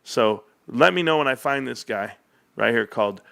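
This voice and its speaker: A man's voice: medium pitch, animated, moderate pace, creaky, a bit bright. A middle-aged man chatting casually with his livestream viewers, rambling and calling them bro. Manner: rambling, talks to viewers as bros. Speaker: stock market YouTuber.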